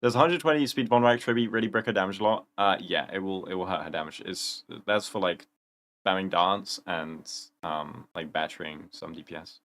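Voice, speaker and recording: A man's voice: low-pitched, moderate pace, a bit bright. A young man hosting a casual livestream, rambling through chat questions in gamer slang. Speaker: livestream host.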